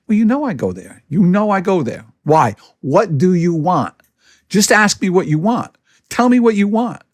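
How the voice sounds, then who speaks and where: A man's voice: high voice, very animated, a little slow, no room sound, clean studio sound. A man in his fifties, a podcast host, talking in a blunt and candid way, with many restarts, in a casual monologue. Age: 50s.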